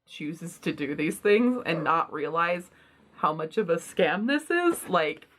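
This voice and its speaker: A woman's voice: fairly low pitch, big pitch swings, slow, a bit bright. A woman book vlogger talking casually and bluntly, with self-deprecating asides. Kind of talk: casual book unhaul vlog.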